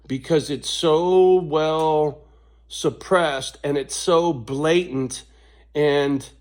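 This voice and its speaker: A man ranting in a casual vlog monologue, swearing constantly and laughing between his points, with sudden high-pitched outbursts. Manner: slow, drawn-out delivery with big pitch swings. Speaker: vlogger.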